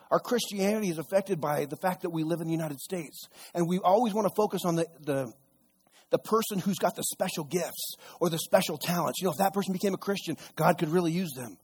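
A pastor preaching a sermon, retelling scripture stories in a casual, animated way with voices for the characters. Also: male voice, sits high, slightly rough.

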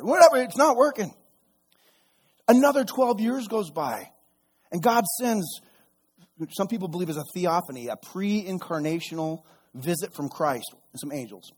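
Husky, high-voiced preacher telling stories. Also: male voice, a little fast. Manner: retells scripture in casual, animated voices. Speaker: pastor. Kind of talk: sermon.

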